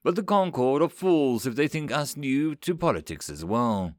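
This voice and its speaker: A man's voice: medium pitch, big pitch swings, moderate pace, no echo, natural voice. Man doing a shrewd feathered alien merchant. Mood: wry. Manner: dry, knowing, sighing.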